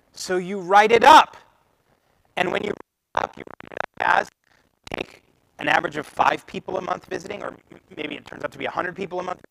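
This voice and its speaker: Guy giving a meetup talk, kinda high voice with some gravel, acts out client chats. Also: a little hiss or hum, rough recording. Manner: animated, acts out client conversations. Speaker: meetup speaker. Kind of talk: live presentation to a meetup audience. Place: meetup room.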